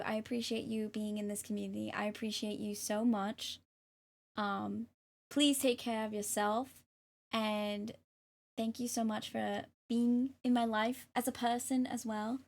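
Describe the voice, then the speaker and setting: A young woman streaming live and reading tarot, speaking gently and hesitantly with many ums and restarts. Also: a little high, little pitch movement, unhurried, gravelly. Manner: gentle and affirming. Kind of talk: casual live-stream chat.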